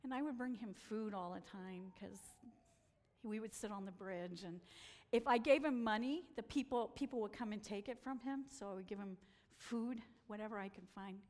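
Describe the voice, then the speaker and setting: A woman telling stories from a slideshow talk, animated and acting out the voices she quotes. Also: mid-range voice, normal speed, big-room sound. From United States. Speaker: speaker presenting photos.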